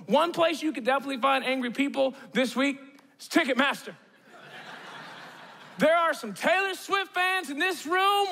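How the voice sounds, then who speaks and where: A man in his thirties preaching a sermon to a church audience, animated and conversational, acting out the voices he quotes. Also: very high-pitched, vocal fry. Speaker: pastor. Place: large church auditorium. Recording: long reverb of a large hall.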